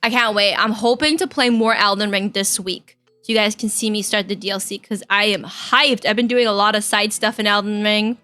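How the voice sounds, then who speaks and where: A woman's voice: medium pitch, steady tone, brisk, sharp tone, soft background music. A young woman streaming live, chatting casually and giggling as she talks to her chat. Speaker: vtuber streamer.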